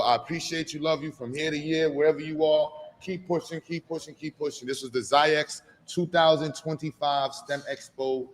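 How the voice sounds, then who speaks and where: A man's voice: on the high side, steady tone, moderate pace, hardly any pauses, a bit bright. Upbeat man hyping up a kid. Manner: coaxing, playful, hype call-outs. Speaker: event host. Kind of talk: energetic live event hosting. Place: live expo event.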